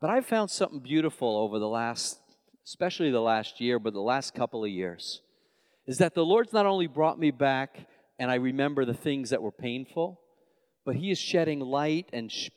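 A man from Long Island, New York, preaching a sermon as pastor. He swings between loud, emphatic lines and soft, low asides, and often restarts his sentences. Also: animated, moderate pace, clean tone. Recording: long reverb of a large hall.

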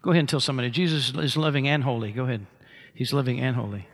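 A man's voice: medium pitch, steady tone, very fast. A pastor preaching a sermon, acting out the scripture dialogue with big swings in his voice.

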